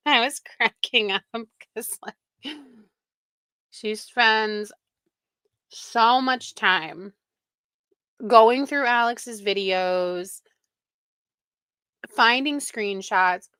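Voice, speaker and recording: A woman's voice: fairly high pitch, drawn-out words, long pauses, sharp tone, clean tone, dry recording. A woman hosting a live stream, chatting casually and with exasperation, laughing often, close to the microphone. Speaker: livestream reaction host.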